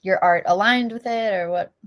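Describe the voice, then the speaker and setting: A woman's voice: mid-range voice, moderate pace. A woman moderating a bookstore Q&A, asking questions in a friendly, inquisitive way. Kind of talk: casual Q&A hosting.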